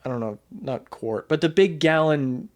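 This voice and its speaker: A young man with a slightly high voice, co-hosting a relaxed podcast. He tells stories in a rambling, casual way, full of fillers and restarts, and laughs at his own tales. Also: normal speed. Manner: rambling storyteller, laughs while telling. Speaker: podcast co-host. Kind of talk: casual chat.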